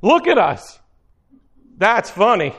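A man preaching a sermon in a loose, conversational way, with quick asides and repeated phrases. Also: high voice, big pitch swings, fairly bright tone, breathy edge, muffled recording.

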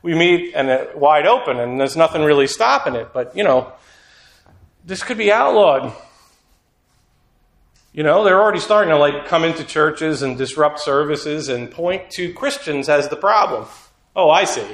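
A man's voice: a little high, expressive, moderate pace, a bit bright. A male preacher giving a sermon in an earnest, conversational way, sometimes acting out quotes. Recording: echoey room.

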